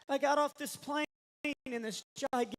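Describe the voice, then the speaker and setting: Man, texan accent, stand-up comedy, lively storytelling, chuckles at his own jokes, hall reverb. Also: very high-pitched, a little slow. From Texas. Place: church stage.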